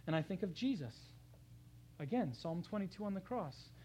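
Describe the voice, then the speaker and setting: A pastor gives a sermon in a warm, conversational way, talking straight to the congregation. The voice sits in a middle pitch range. It swings between loud, emphatic scripture readings and quiet, hushed asides. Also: animated, moderate pace, slight background noise, poor audio. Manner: conversational, addresses the congregation directly.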